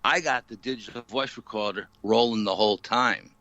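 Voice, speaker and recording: A man being interviewed as a paranormal investigator, retelling an eerie night in an animated, dramatic way full of "you know". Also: fairly low pitch, brisk, lo-fi sound. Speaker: paranormal investigator, podcast guest. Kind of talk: storytelling in a casual interview.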